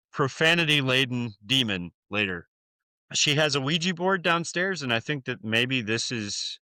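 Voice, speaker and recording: An American man co-hosting a podcast recaps a horror film in a loose, casual way, swearing a lot and filling his speech with fillers. His voice is medium-pitched, bright and forceful, with no echo.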